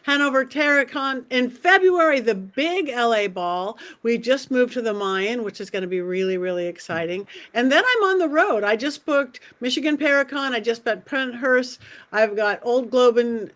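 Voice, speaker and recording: A chatty woman hosts a relaxed panel show, her voice sitting on the higher side. She talks over a video call, breezy and promotional. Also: normal speed. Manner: chatty, plugging events and socials. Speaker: host. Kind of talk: casual panel chat.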